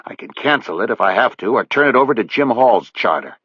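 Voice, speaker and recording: A man's voice: medium pitch, lively intonation, a little fast, fairly bright tone, breathy edge, dry recording, muffled recording, pitched above the performer's own voice. A male narrator playing a retired investigator who speaks bluntly and angrily to a partner who betrayed him. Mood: curt. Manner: blunt, cold, angry.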